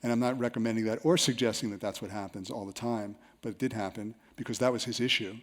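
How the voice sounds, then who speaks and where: A man presenting a seminar to a live audience. He tells self-mocking stories with lively energy. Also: lowish voice, fast talker. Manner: storytelling, animated, with self-mocking anecdotes.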